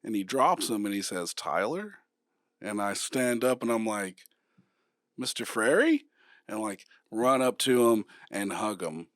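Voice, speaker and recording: A man's voice: lowish voice, moderate pace, hardly any pauses, no room sound, studio quality. A man co-hosting a podcast, telling stories in a casual, playful and giggly way. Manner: playful and giggly, relaxed storytelling. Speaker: podcast co-host. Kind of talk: casual chat.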